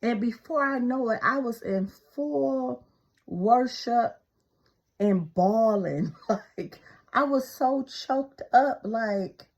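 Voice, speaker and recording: A middle-aged woman with a gravelly, fry-edged voice gives unhurried devotional encouragement to her viewers. She speaks slowly, repeating her praise fervently and slipping into casual asides. The recording sounds a little dull and lo-fi. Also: on the high side, darkish tone.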